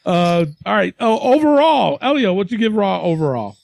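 High-voiced, lively, gravelly man. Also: no echo. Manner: rambling, profane, quick to laugh. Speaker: podcast co-host. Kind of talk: casual wrestling chat.

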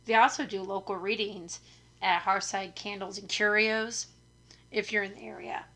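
A young woman hosting her podcast, talking in a hoarse, raspy voice, chatty and self-deprecating, rambling from one point to the next. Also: medium pitch, fairly even intonation, moderate pace, a bit bright. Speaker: podcast host. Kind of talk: casual chat. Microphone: studio microphone.

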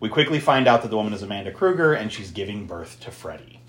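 A man co-hosting a podcast, recapping a horror movie in a casual, animated way and laughing often. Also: quick pace, reverberant. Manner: animated, laughing, swearing recap with big pitch jumps. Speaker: podcast co-host.

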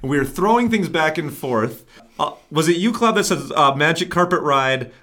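A man's voice: on the high side, animated, normal speed, sharp tone. A man co-hosting a nerd podcast, setting scenes in a playful, theatrical way. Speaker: podcast co-host. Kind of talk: casual chat.

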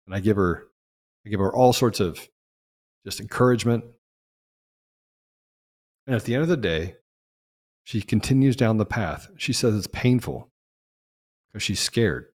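A man hosting a political talk show, speaking in an impassioned monologue that swings from loud peaks to low asides. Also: in a large hall. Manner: emphatic, rising to loud peaks and dropping low. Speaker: podcast host.

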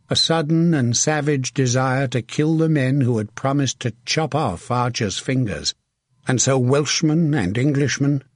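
A man narrating a historical novel in a steady, measured audiobook reading. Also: mid-range voice, dry recording, studio quality. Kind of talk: scripted narration.

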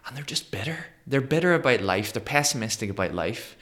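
A man in his thirties from Northern Ireland with a Northern Irish accent, a podcast guest telling his story in an animated way and acting out the voices of people he quotes. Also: mid-range voice, fairly quick. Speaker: guest, motivational speaker. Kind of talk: conversational storytelling interview.

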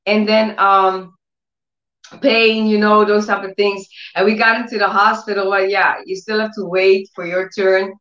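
A woman giving an emotional sermon testimony. Her speech grows more intense as she moves into near-shouting proclamations. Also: mid-range voice, level tone, a little slow. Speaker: testimony speaker. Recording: echoey room, dull lo-fi sound.

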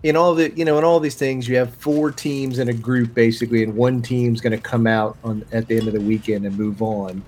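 A man's voice: medium pitch, brisk, few pauses. A man co-hosting a podcast, talking casually and rambling a bit as he sizes up an upcoming game. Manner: relaxed, rambling with fillers. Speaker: podcast co-host. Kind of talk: casual sports chat.

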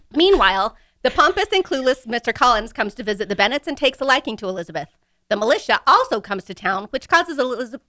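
Bright-voiced giggly woman. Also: fairly high pitch, no room sound, studio quality. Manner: giggly, playful. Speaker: co-host. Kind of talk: casual podcast chat and book synopsis.

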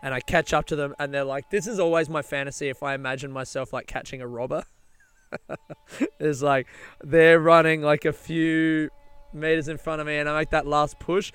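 A man's voice: fairly high pitch, steady tone, brisk, a bit bright, clear, resonant tone, no echo. A young man telling a long casual anecdote, rambling and swearing, laughing often. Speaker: storyteller.

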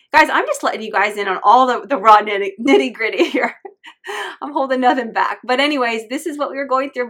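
Woman podcast host, 30s, warm-hearted faith talk, emotional and candid, slightly high voice. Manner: heartfelt, openly emotional, earnest.

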